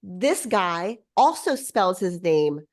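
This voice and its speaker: A woman guest on a podcast, telling a story in a bubbly, excitable way, full of quick restarts. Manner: lively swings in pitch. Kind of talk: casual storytelling.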